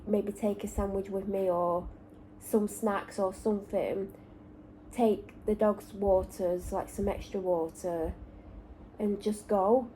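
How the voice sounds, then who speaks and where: A woman's voice: medium pitch, warm tone, slight background noise, poor audio. A woman from North West England with a Lancashire accent and traces of Manchester, chatting candidly and rambling in a casual vlog from a parked car. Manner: rambling, candid, self-correcting. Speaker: vlogger. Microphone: camera or phone in the car.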